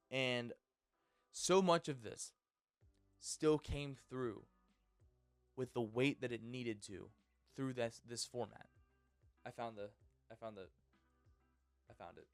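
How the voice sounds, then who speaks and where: A young man in his twenties rants casually to his channel at a middle pitch, rambling and excitable, often restarting his sentences. The recording is dry and close. Faint music sits underneath. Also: dry recording. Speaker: channel host. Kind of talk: casual ranting vlog.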